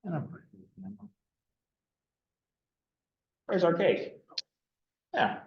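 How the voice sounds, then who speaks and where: A man's voice: high-pitched, animated, slow, vocal fry. A man giving a casual classroom lecture on anthropology, chatty and loose, full of fillers and "right?" checks to the students. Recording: dull roomy classroom recording.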